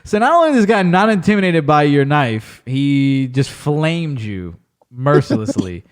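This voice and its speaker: A man hosting a podcast, chatting casually and telling animated stories with plenty of swearing. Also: a little high, a little slow. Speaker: podcast host. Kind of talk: casual chat.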